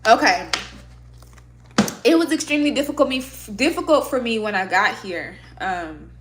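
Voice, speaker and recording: A woman's voice: fairly high pitch, normal speed, background noise. Candid, cursing woman vlogger. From Michigan, USA. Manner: candid, profane, expressive. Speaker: vlogger and podcaster. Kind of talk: casual talk to camera. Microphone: own microphone at a desk setup.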